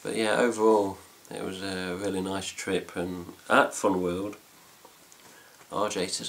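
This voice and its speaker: A man's voice: deep voice, little pitch movement, a little slow, fairly bright tone, slight background noise. A man with an English accent chatting casually to camera about a trip, rambling with fillers and mild swearing. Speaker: fan site vlogger. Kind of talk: casual chat.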